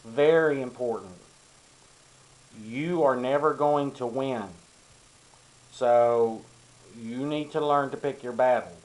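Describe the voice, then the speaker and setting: Here the older vlogger from Arkansas, USA, rambles through casual advice for young men, full of ums and you-knows. His medium-pitched voice is steady, slow, and a little mellow, captured on a rough recording.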